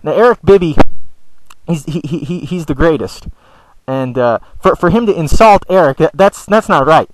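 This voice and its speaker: A man's voice: a little high, expressive, moderate pace, background noise. A man ranting in a video blog, stammering and repeating words, swearing often, with an aggrieved, whiny tone. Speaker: video blogger. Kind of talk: ranting vlog monologue.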